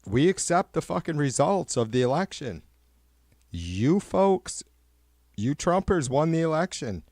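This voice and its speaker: A man hosting a livestream, ranting with heavy swearing and sarcasm, rambling and getting louder when worked up. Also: a little high, very animated, unhurried, no echo, studio quality. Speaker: livestream host. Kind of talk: profane political rant.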